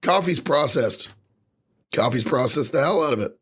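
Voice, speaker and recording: A man co-hosting a casual podcast, ranting with lots of swearing, his voice a little rough from recovering after losing it. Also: medium pitch, normal speed. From Ireland. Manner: animated ranting with frequent swearing. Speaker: podcast co-host.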